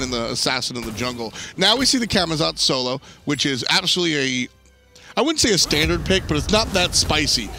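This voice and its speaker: An esports caster, male, covers a live match and dissects picks and items in a chatty, analytical style, often restarting his sentences. His voice is medium in pitch, bright and forceful, with audible vocal fry.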